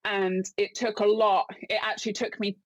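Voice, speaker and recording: A woman from London tells a story as a podcast guest, chatty and animated, and she often breaks into laughter. Her voice sits at a middling pitch. The sound is dry and close, with no room echo. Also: moderate pace, lo-fi sound. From London, England. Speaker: podcast guest, business owner. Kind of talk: casual interview storytelling.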